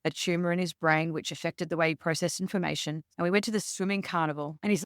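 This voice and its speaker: A woman with an Australian accent, a leadership expert guest telling stories in a relaxed interview and acting out quotes as she goes. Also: on the low side, fast, hardly any pauses, clean tone, dry recording, clean studio sound. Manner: lively, acts out quotes in her stories. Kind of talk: conversational interview storytelling.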